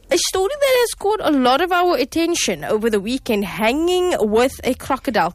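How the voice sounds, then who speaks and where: South African woman host, bright higher voice, dry close studio sound, chatty and cheerful. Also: dry recording. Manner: cheerful, chatty, with small laughs. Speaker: radio show host. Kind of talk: casual radio chat. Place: radio studio.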